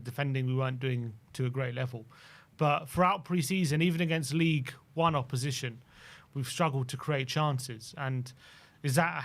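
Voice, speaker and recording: A man presenting for a fan channel, asking long, measured post-match interview questions. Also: medium pitch, fairly bright tone.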